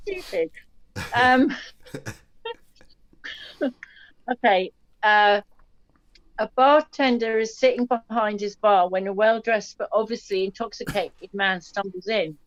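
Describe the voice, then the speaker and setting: A woman's voice: medium pitch, slow pace, long pauses. Chatty woman reading jokes, dull lo-fi. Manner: chatty, reads jokes aloud with small slips and restarts. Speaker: host telling listener jokes. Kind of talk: casual chat, reading out jokes. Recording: dull dry lo-fi sound.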